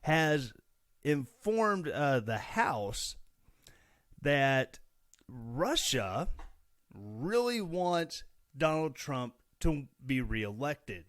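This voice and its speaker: A man's voice: medium pitch, very animated, drawn-out words, a bit bright, no room sound, studio quality. A man from Missouri hosting a casual podcast, chatty and sarcastic with a self-mocking streak. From Missouri, USA. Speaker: podcast host. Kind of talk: casual solo podcast commentary.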